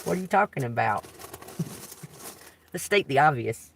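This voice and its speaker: A woman with a Southern US accent, a tarot reader talking straight to her viewers, blunt and profane, swinging between a slow drawl and heated outbursts. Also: rumbling low, expressive, creaky, background noise. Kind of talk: unscripted video rant to viewers.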